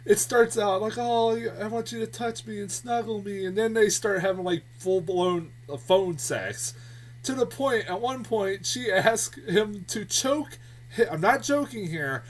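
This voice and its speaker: A man delivers a casual, foul-mouthed movie review in a heavily exasperated tone, often breaking into laughter. His pitch leaps up and down with animation. His voice sits at a slight distance from the mic. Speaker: film reviewer.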